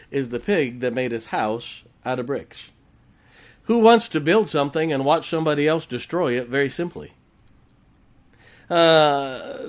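Folksy preacher joking through a sermon. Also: male voice, a little high. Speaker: pastor. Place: church sanctuary.

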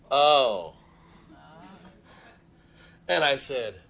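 A man preaching a folksy Baptist sermon, breaking into slow sung hymns and telling humorous stories. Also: medium pitch, slight background noise. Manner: breaks into hymns and scripture, sung slowly and loudly; storytelling with humor.

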